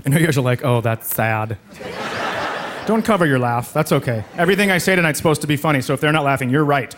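Middle aged guy doing standup, kinda high voice, deadpan insults then yells, loud crowd laughing, noisy club. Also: rapid-fire. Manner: deadpan insults with sudden shouted bursts. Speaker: stand-up comedian. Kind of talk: stand-up comedy set. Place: comedy club stage with live audience. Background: audience laughter and noise.

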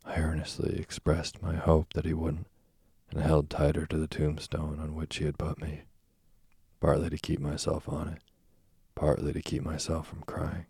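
A man narrates a classic novel slowly and deliberately, like a studio audiobook. His voice is extremely deep and gravelly with a husky, dark color. The recording is dry and close, with no room sound. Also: monotone, dry recording. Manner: slow, deliberate storytelling.

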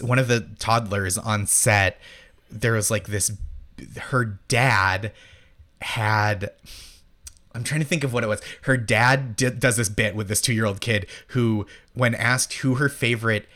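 A man in his thirties from Massachusetts, a comedian guest, telling anecdotes in a chatty, animated way. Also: mid-range voice, slow. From Massachusetts, United States. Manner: animated storytelling, heavy use of "like". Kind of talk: casual interview chat.

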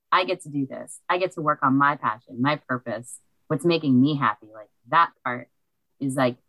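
A bubbly, excitable woman speaking on a video call. Her voice is low for a woman, and the sound is dry and close through an inexpensive desk mic. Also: dry recording, rough recording. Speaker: coaching student. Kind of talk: casual chat on a video call. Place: at home with a computer. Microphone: cheap desk microphone.

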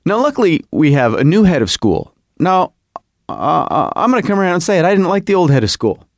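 A middle-aged man hosting a podcast, telling a comic story in a rambling, animated, self-mocking way. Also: high voice, fairly quick, no room sound, studio quality. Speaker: podcast host. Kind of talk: comedic podcast monologue.

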